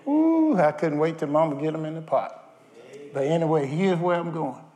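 A man's voice: on the high side, fairly even intonation, a little fast, darkish tone. A man preaching a sermon, firing questions at his congregation. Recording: long hall reverb.

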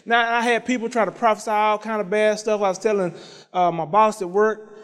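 A man preaching in a church with a high voice, swinging from easy storytelling into half-sung praise and punctuating it all with amens. The sound carries a long reverb from the sanctuary. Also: little pitch movement, fairly quick, a bit bright, smooth. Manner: fervent, half-sung repeated phrases; conversational storytelling with frequent amens. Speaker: pastor. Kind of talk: sermon with personal testimony.

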